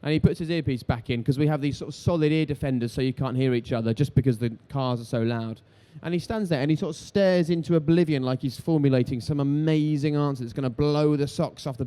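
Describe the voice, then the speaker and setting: A quick, animated man in his thirties tells stories on a live event stage. His voice is dark and mellow, and he acts out the voices of people in his anecdotes. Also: medium pitch, clear, resonant tone. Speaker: TV sports presenter, interviewed guest. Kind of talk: lively anecdotal storytelling on stage.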